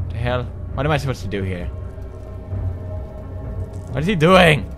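A man giving goofy, jumpy commentary as he plays a horror game, with sudden loud outbursts. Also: medium pitch, big pitch swings, normal speed, vocal fry, over music. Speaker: gaming commentator.

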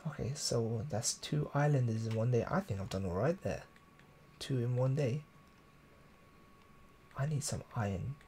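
Mellow-voiced man streaming a game. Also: mid-range voice, normal speed, long pauses, slight background noise. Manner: chatty, thinks aloud, reads comments. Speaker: gaming streamer. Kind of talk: live gameplay commentary.

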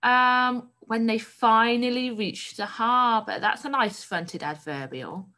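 A woman's voice: a little high, slow, pushed and bright. A woman primary school teacher giving a recorded online lesson, reading a story aloud and encouragingly explaining its word choices.

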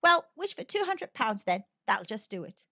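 A woman voicing a lively, cheeky young man who teases and jokes. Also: sits high, brisk, dry recording, pitched above the performer's own voice. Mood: teasing. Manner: teasing. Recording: dull dry recording.

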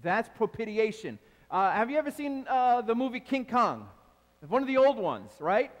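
A man preaching a sermon from the pulpit, animated and calling out to his congregation with questions. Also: very high-pitched, normal speed, long reverb tail. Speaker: pastor. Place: large church hall.

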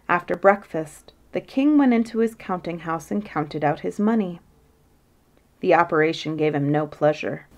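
A woman reading a bedtime fairy tale aloud with a gently expressive delivery and a voice a little lower than most women's. She stretches key phrases slowly for effect. The telling is calm and storybook-like.

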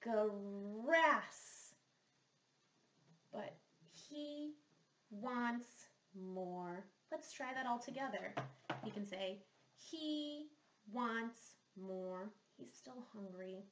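Extremely slowly, a woman speech therapist with a slightly high voice reads a picture book to young children, asking patient, sing-song questions along the way. The echoey room has background noise.

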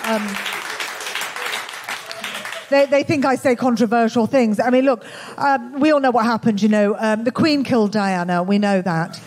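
A woman with a Birmingham accent performing a stand-up comedy set in a club, with a dry, deadpan, self-mocking delivery. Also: on the high side, moderate pace, crowd noise, noisy background. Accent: Birmingham English. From England. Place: comedy club with live audience.

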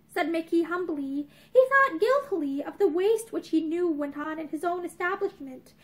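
A woman's voice: very high-pitched, animated, normal speed, few pauses. A young woman reading a novel aloud expressively, with small restarts, in a room with bookshelves. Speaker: reader of a novel.

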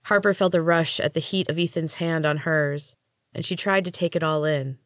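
A woman hosting a podcast, reading her own fiction aloud in a calm, measured storytelling manner. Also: deep voice, no room sound, clean studio sound. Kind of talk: audiobook-style story narration.

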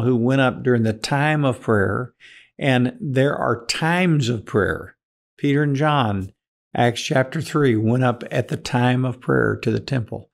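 Male preacher, gravelly tone, earnest, questions the congregation directly. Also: mid-range voice. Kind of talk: sermon.

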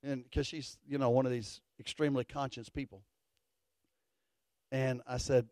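A middle-aged man, a pastor telling a folksy story in a sermon, animated and building to fervent declarations. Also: mid-range voice, moderate pace, pauses often, no room sound.

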